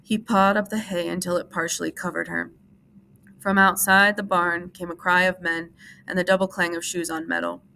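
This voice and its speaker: A woman teacher reads a novel aloud in a steady, measured way. Her voice sits low and carries a gravelly fry, and a faint hiss lies under it. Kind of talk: audiobook-style reading for class.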